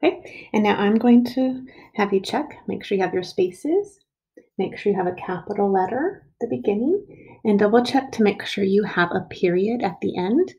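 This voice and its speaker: Woman teacher, patient early-writing lesson, slow and clear delivery, mellow tone with a slight gravelly edge. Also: mid-range voice, lively intonation, lo-fi sound. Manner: slow, patient, stretches out word sounds.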